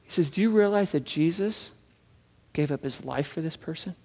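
A man preaching a sermon from scripture, fervent, swinging between loud urging and hushed asides and repeating words as he builds a point. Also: a little high, animated, normal speed, in a large hall. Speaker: pastor.

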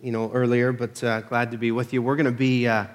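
A man's voice: mid-range voice, level tone, a little fast. A man preaching a casual, conversational sermon to his church, peppered with "uh" fillers and self-deprecating humor. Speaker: pastor.

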